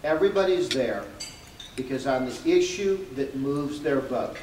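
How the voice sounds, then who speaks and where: A man's voice: mid-range voice, lively intonation, a little slow, a little mellow, a little hiss or hum. A man from Massachusetts giving a luncheon keynote speech with dry humor and many filler words. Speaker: guest speaker. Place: banquet hall at a lunch event. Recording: roomy, distant mic with clinking dishes.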